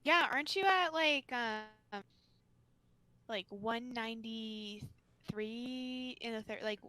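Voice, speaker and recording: Woman co-streamer, slow and bright, hesitant, playful. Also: on the high side, clean tone. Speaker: co-player on a game stream. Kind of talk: casual let's-play chat.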